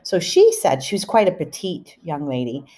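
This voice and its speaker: A middle-aged woman hosting a podcast, telling a family story in an animated, chatty way full of asides. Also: low voice, moderate pace. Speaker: podcast host. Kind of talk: storytelling monologue.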